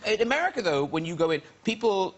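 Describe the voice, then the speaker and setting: High, lively-voiced chat show host. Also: male voice, quick pace, lo-fi sound. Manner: playful, teasing questioner. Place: television studio with audience. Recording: studio audience and noise.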